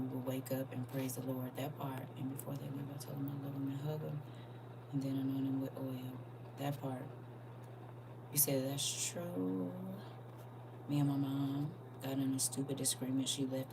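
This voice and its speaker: Low-voiced woman talking live, distant mic. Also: background noise. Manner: swings from soft, near-whispered to loud and animated. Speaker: live stream host. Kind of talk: casual live stream talk, reading viewer comments.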